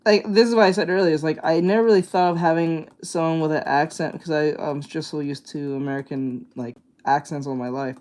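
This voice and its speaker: A man's voice: a little high, darkish tone. A man streaming live, chatting casually with viewers in a rambling, hesitant way, full of fillers and restarts. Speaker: art streamer reacting to videos.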